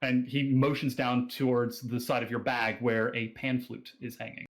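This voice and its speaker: A man with an Australian accent narrating a tabletop game as game master, pausing often with fillers. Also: medium pitch, little pitch movement, rough recording. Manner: hesitant, many fillers and restarts.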